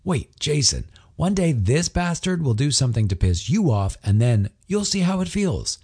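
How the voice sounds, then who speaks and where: A male audiobook narrator voicing a put-upon young husband who grumbles and sulks, pitched up from his usual husky voice. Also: very animated, moderate pace, dark tone, exaggerated voice. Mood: grumbling. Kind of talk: audiobook character voice.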